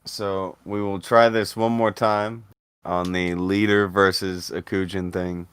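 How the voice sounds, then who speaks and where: Very deep smooth-voiced male host. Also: level tone, a little slow, a bit bright, no echo, clean studio sound. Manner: laid-back, profane, runs the poll. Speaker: podcast host. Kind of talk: casual chat.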